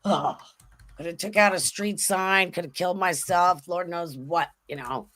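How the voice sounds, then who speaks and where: A middle-aged woman from Southern California telling anecdotes in casual chat, expressive and quick to laugh. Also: fairly low pitch. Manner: expressive, laughing, acts out voices.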